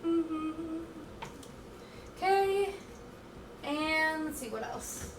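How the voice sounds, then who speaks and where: A woman's voice: high voice, drawn-out words, echoey room, recorded from a distance, noisy background. A woman streamer chatting casually with her viewers as she cooks at home, reading chat aloud in a scattered, playful way. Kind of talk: casual chat while cooking. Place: home kitchen.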